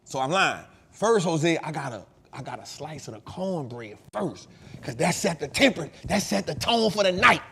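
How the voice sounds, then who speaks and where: Male host, 30s, casual storyteller, raised pitch, very lively delivery. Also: moderate pace, gravelly, husky. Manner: animated, slangy, shifts from loud to hushed.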